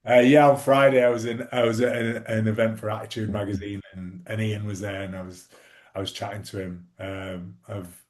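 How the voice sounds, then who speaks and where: A man's voice: fairly low pitch, flat delivery, brisk, a little mellow. A man, a former rugby league player telling stories as an interview guest, rambling with lots of fillers and restarts. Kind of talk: casual interview storytelling.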